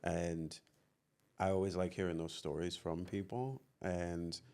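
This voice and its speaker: A man's voice: low-pitched, flat delivery, unhurried, a little mellow. A man hosting an interview, thoughtful and affirming, with plenty of fillers as he asks questions. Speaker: host. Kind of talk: conversational interview.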